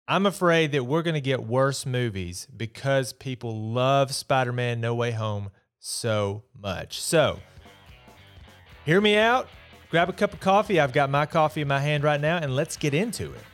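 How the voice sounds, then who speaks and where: A man's voice: mid-range voice, animated, unhurried, fairly bright tone, soft background music. A man hosting a podcast, giving a casual, opinionated solo movie review in a chatty, exasperated way. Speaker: podcast host.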